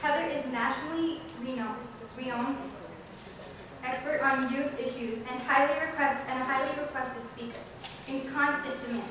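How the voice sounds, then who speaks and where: A woman's voice: high voice, fairly even intonation, normal speed, a crowd in the background. Young-sounding woman emceeing in an echoing hall. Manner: reads carefully, stumbles on words. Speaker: student officer emcee. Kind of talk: formal scripted introduction. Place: large convention hall. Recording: echoey hall from far off, noisy.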